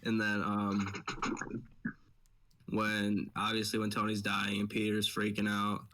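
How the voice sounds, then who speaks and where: A man's voice: fairly low pitch, completely flat delivery, unhurried, pushed and bright, recorded from a distance, low-quality recording. A young man co-hosting a podcast, chatting enthusiastically and laughing often. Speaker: podcast co-host. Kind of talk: casual chat.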